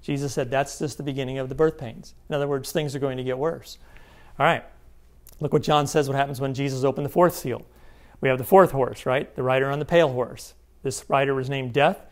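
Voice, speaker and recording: A man's voice: medium pitch, fairly even intonation, a little fast. A man giving an emphatic Bible teaching seminar, often checking in with his listeners. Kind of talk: sermon-style seminar teaching.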